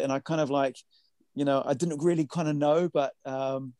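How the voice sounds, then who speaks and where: A man's voice: mid-range voice, flat delivery, normal speed, mellow, dry recording, studio quality. A man, a music producer, talking in a rambling casual podcast chat full of fillers.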